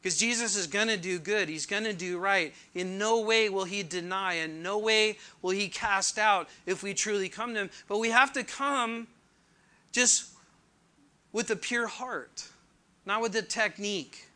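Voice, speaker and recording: A man preaching a sermon, reading scripture slowly and asking the listeners earnest questions. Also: high voice, pushed and bright. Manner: earnest, rhetorical questions, slows to read scripture. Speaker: pastor.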